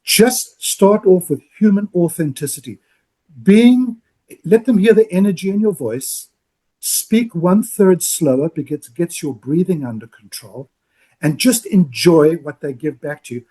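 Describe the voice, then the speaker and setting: A man's voice: sits high, unhurried. A man co-hosting a podcast, coaching with energy and acting out sample phone calls. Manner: animated, acts out phone calls in other voices. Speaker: podcast co-host, loan officer.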